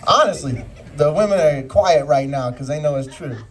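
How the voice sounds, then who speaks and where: A man's voice: on the high side, expressive, normal speed, far from the mic. A man doing a stand-up comedy set with crude, confessional punchlines.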